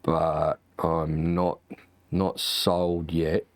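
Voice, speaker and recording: A deep-voiced man ranting in a relaxed, chatty way, swearing freely and leaning on "you know" and "like". The sound is dry and close, with no room around it. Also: very slow, no echo. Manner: profane, ranting, lots of swearing and fillers. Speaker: sim racing streamer. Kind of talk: casual chat.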